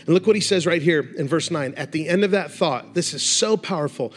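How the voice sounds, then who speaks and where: Male revival preacher, high voice, fervent, faint music bed. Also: lively intonation, a little fast, few pauses, breathy edge. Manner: passionate, swings from hushed to rising exhortation. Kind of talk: sermon.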